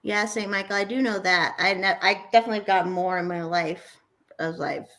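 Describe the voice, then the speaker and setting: A woman's voice: medium pitch, steady tone, moderate pace, a bit bright. A chatty woman in a casual group stream who jumps in with blunt questions.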